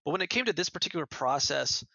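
A man's voice: fairly high pitch, expressive, quick pace, creaky, bright, forceful tone, no room sound, poor audio. An American man who is a podcast guest, earnestly retelling events in a casual interview and often repeating words as he goes. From United States.

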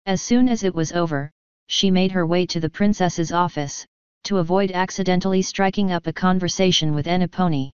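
A woman narrating a fanfiction story in a steady, even reading. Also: lowish voice, fairly quick, clear, resonant tone, no echo. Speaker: fanfiction reader. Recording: dull lo-fi dry recording.

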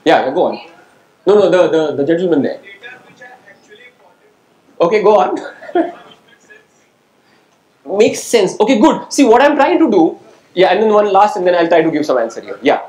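A man speaks as a guest lecturer, calling on students and testing them with questions. His voice sits a little high for a man. The sound carries the echo of a lecture hall. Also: big pitch swings, quick pace, darkish tone. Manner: engaging, quizzes the audience and calls on people; asks "right?" to check understanding.

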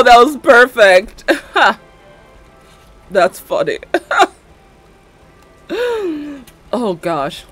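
A young woman in her twenties chats while she streams a game, giggly and rambling, with "like" in almost every sentence. Her pitch jumps around a lot while her delivery stays slow and drawn out. Soft music plays faintly behind her. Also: slightly rough, no room sound. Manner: giggly, rambling, full of "like" fillers. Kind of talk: casual livestream chat while playing a game.

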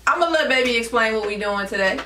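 Bright high-voiced woman, playful. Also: lively intonation, fast talker. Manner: playful, defensive, laughs things off. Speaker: co-host of a couple's channel. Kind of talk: casual chat. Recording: echoey room, mic at a distance.

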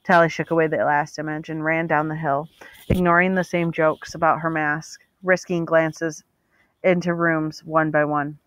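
Expressive woman reading a novel aloud. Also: low-pitched, normal speed, no echo. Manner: steady, expressive storytelling. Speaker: audiobook reader. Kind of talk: audiobook narration.

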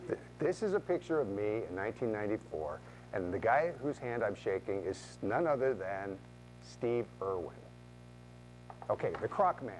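A middle-aged man tells a motivational real estate story and acts out both sides of the conversations. His pitch sits in an ordinary middle range. A faint mains hum runs under the recording. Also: low-quality recording. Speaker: real estate agent and speaker.

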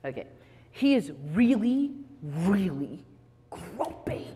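A woman telling a children's story to a live audience, playful and animated, getting the kids to join in. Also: mid-range voice, normal speed, long pauses, big-room sound.

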